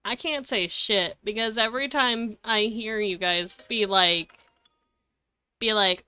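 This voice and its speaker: Young adult female streamer, loose rambling chat full of giggles and cussing; bright, dry close sound. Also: mid-range voice, fairly even intonation, slow, clear, resonant tone, no echo. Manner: giggly, swears freely; rambling, self-correcting. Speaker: game streamer. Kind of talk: casual live-stream chat.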